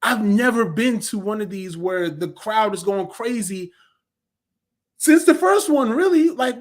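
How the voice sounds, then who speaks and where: A high-pitched man in his thirties rants happily about a film he loved, loose and slangy. He jumps into sarcastic impressions of critics and cheering crowds, then settles back into easy, rambling chat. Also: unhurried. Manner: animated, slangy, acts out crowds and critics in mocking voices. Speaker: movie reviewer. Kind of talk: casual review talk.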